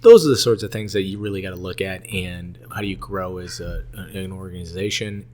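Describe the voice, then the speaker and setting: Emphatic, somewhat low-voiced male guest. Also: brisk, a little mellow, slight background noise. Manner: emphatic, persuasive. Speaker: podcast guest, restaurant consultant. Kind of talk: casual podcast chat.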